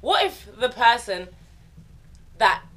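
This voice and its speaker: Female podcast co-host, high, bright voice, playful and teasing. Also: big pitch swings, takes it slowly. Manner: playful, insistent, laughing. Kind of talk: casual podcast chat.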